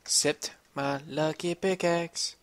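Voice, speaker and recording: A man's voice: fairly high pitch, fairly even intonation, slow pace, creaky. A man giving rambling, profane let's-play commentary while he plays a puzzle map, complaining to himself as he goes. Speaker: gamer playing a puzzle map.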